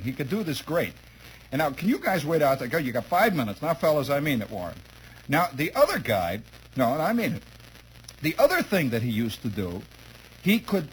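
A chuckling, animated male storyteller. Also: on the high side, slightly rough, low-quality recording. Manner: chuckling, lively, acts out scenes. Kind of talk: humorous storytelling to listeners.

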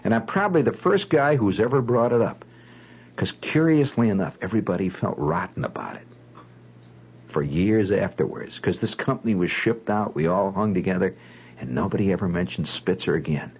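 A man's voice: sits low, lively intonation, moderate pace, slight background noise, rough recording. A man telling a dramatic personal story in a vivid, conversational way. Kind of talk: spoken storytelling monologue.

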